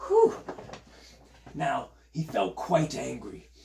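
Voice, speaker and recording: A man's voice: medium pitch, lively intonation, a little slow, darkish tone, slight background noise. Playful man reading a storybook aloud. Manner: playful, chatty, invites listeners to join in. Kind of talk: storytime read-aloud for children.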